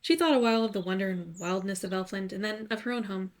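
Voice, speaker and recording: A woman narrating a bedtime story in a soft, soothing way. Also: medium pitch, fast talker.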